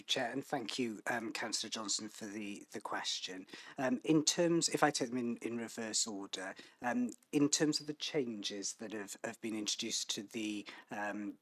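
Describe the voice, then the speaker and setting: Council director man, lowish voice, dry close sound, careful and halting formal answers. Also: fairly bright tone, no room sound, rough recording. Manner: measured, hesitant, many ums and restarts. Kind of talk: formal committee meeting answer. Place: council committee meeting, hybrid.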